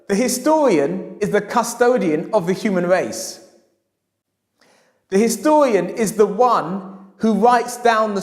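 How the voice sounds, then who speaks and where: A man, a historian telling a story in a lecture, emphatic and repeating his key phrases. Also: sits high. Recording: echoey hall.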